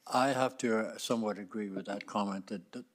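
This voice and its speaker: A man's voice: on the low side, steady tone, a little fast. An older man, a grandfather, chairing a public meeting in a plainspoken, procedural way.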